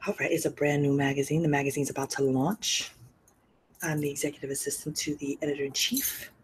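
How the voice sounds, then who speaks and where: A middle-aged woman hosting a podcast, telling a personal story candidly and emotionally, often sinking to a soft, breathy near-whisper. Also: deep voice, steady tone, a little fast, low-quality recording. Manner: repeats phrases for emphasis, swears freely. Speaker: podcast host.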